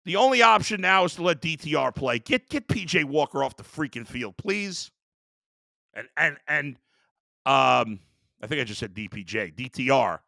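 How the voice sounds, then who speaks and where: A man's voice: a little high, sing-song, moderate pace, vocal fry, sharp tone, no echo, clean studio sound. A man hosting a sports show, ranting in a heated, exasperated way about his team. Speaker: sports talk host. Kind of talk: sports rant.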